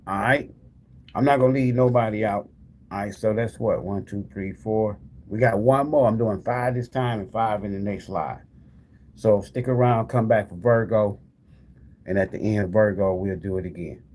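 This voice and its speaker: A man's voice: lowish voice, moderate pace, darkish tone. A man hosting a tarot live stream, chatting casually with viewers and repeating the same calls to them over and over. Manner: talks straight to the viewers as "y'all". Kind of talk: casual live-stream chat, giving away prizes.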